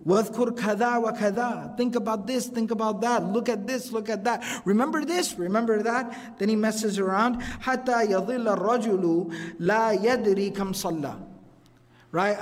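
A man giving a lively, conversational sermon in a mosque, mixing in recited Arabic quotations. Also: high voice, big-room sound. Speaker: imam.

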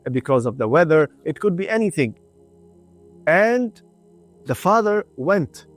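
Earnest man telling a devotional story. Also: a little high. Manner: earnest, repeats phrases for emphasis. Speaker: religious storyteller on radio.

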